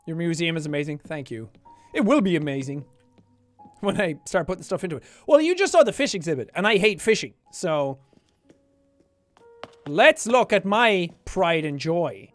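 A man giving a jokey, animated let's play commentary, swearing and talking to himself as he plays. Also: on the high side, moderate pace, pauses often, soft background music. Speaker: gaming streamer.

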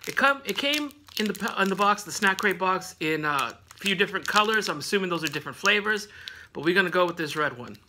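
A man's voice: high-pitched, background noise. A man hosting a casual snack review vlog at home, rambling with lots of fillers and laughing often.

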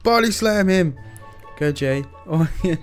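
A man hosting a game roleplay, hyped and exclaiming often with quick nervous laughs. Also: high voice, animated, faint music behind. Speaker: roleplay host and player. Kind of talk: excited Minecraft roleplay banter.

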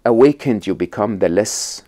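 A middle-aged man from Egypt with a low, deep voice that rises and falls in wide, lively swings. He talks as an interview guest, telling stories and laying out ideas, often restarting mid-sentence and checking in with "right?" and "okay?". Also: normal speed. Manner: animated storyteller, frequent restarts and "right?" check-ins. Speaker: podcast guest. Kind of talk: conversational interview.

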